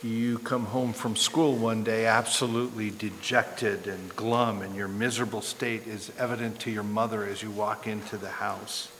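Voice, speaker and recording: A man's voice: on the low side, level tone, moderate pace, few pauses, fairly bright tone, slight background noise. Preaching man in a reverberant hall. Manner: storytelling, acting out voices in quotes, rising to impassioned pleas. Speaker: pastor. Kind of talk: sermon.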